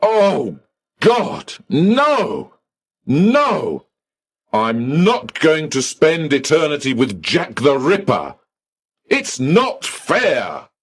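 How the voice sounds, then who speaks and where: A man voicing an indignant newly dead man who shouts and pleads in outrage at heaven's reception desk. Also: high-pitched, wildly swooping pitch, slow, slightly rough, pitched above the performer's own voice, full character voice. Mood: distraught.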